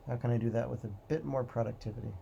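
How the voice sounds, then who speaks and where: Brief: male host, gravelly, warm low tone, calm repetitive motivational musing, faint background hiss. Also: lo-fi sound. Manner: calm, repetitive, drawn-out phrasing. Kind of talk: slow reflective motivational monologue.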